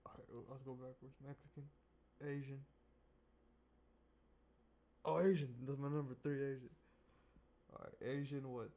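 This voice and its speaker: A man in casual chat, running a silly improv game with a friend in a relaxed, crude way, often laughing and mumbling off. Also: mid-range voice, normal speed, long pauses. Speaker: game leader.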